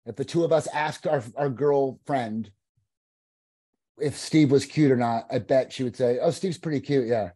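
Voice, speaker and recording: A man hosting a podcast, rambling through jokes and exaggerated bits. His voice is husky and mellow in tone. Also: mid-range voice, measured pace. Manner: joking, rambling. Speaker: podcast host. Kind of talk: casual banter.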